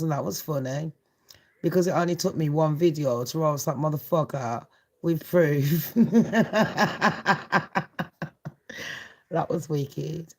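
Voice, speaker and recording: A woman's voice: low-pitched, a little mellow. A brash woman chats through celebrity gossip for her channel. She swears freely and laughs often, with a loose, casual delivery.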